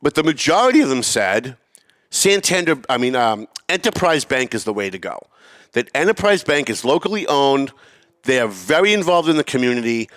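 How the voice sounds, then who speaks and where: A middle-aged man hosting a podcast, telling a story in an animated, swearing rant that climbs toward yelling. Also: medium pitch, normal speed. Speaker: podcast host.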